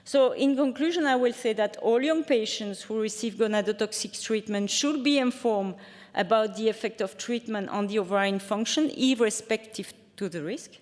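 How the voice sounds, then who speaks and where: Woman, conference speaker; halting delivery with many restarts, long hall reverb on the mic. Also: a little high, darkish tone. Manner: hesitant, many fillers and restarts. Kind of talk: academic presentation and Q&A answers.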